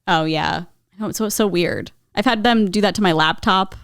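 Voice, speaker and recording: A woman in her twenties co-hosting a podcast, agreeable and quick to laugh along. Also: medium pitch, creaky, smooth, dry recording, clean studio sound. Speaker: podcast co-host. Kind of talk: casual chat.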